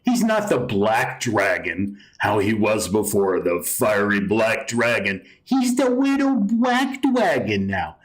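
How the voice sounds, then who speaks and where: A man's voice: on the low side, big pitch swings, takes it slowly, few pauses, voice pushed down. A man putting on a grown-up cooing voice, as if talking to a small child, in a mocking sing-song way.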